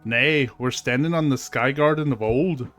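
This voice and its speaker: A man's voice: mid-range voice, normal speed, fairly bright tone, soft background music, close to an everyday voice. A man voicing a proud, grieving male red squirrel warrior in a put-on Scottish accent, speaking solemnly in old-fashioned words. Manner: solemn, old-fashioned speech with "nay" and "aye".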